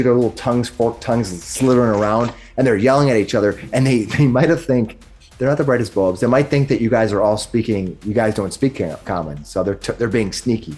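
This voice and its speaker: A man running a tabletop game as game master, narrating in a rambling way and often correcting himself. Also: mid-range voice.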